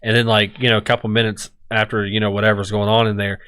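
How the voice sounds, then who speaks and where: A man's voice: fairly low pitch, little pitch movement, fast talker, pushed and bright, smooth, no echo. A man co-hosting a podcast, telling crude stories in casual chat with heavy swearing. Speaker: podcast co-host.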